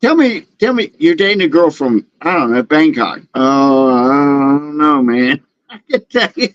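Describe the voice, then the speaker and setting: A man's voice: a little high, big pitch swings, unhurried, fairly bright tone, no echo. A man from the American South with a Southern accent, chatting casually and laughing, saying "man" often. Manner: laid-back, laughing, says "man" a lot. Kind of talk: casual chat. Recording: dull, dry sound.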